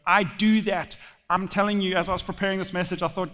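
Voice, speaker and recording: A male pastor preaching a sermon in a church sanctuary, animated and repeating phrases for emphasis. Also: sits high, fast talker. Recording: long church hall reverb.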